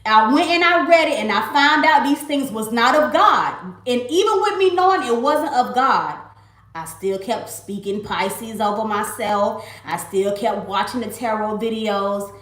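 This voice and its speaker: A woman's voice: on the high side, measured pace, a bit bright. A woman in her late twenties from Miami, giving an emphatic, repetitive faith testimony on a casual livestream and calling her viewers y'all. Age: late 20s. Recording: roomy echo.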